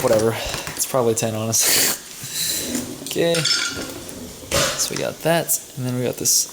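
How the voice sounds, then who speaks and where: A man's voice: mid-range voice, background noise. A young man casually narrating his day's food while making coffee at home, chatty and rambling, often correcting himself. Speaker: vlogger. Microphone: camera mic.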